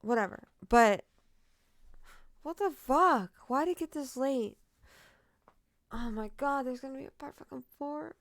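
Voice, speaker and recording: A woman's voice: high voice, measured pace, pauses often, no room sound. A woman telling true crime stories who rambles candidly and swears freely as she signs off casually. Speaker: true crime storyteller and streamer. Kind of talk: casual sign-off chat.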